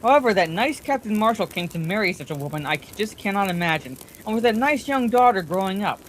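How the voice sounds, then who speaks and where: A woman's voice: mid-range voice, expressive, fast talker, slight background noise, close to an everyday voice, rough recording. A woman voicing a gushing, gossipy middle-aged wife who chatters on, self-satisfied, in a bedtime story reading.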